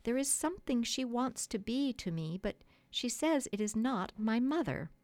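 A woman reading aloud who voices a carefree young boy, puzzled and a little anxious, in a plain, slightly lowered voice. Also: animated, moderate pace, darkish tone, no echo, lightly acted.

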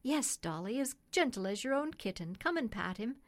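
A woman's voice: on the high side, very animated, normal speed. Woman reads a kindly cab driver for a storybook, cheery and firm. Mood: cheerful. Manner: friendly, decided and cheerful.

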